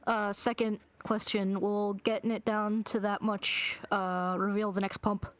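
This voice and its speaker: Flat-toned woman playing a tabletop game. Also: medium pitch, measured pace, no echo, muffled recording. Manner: methodical, asks questions step by step. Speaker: player. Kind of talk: casual tabletop play.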